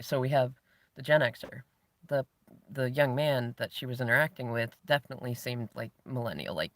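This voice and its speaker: A man around forty, hosting his own show, tells a story in a reflective, spiritual monologue. He is animated and laughs often as he talks. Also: mid-range voice, dry recording. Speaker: host.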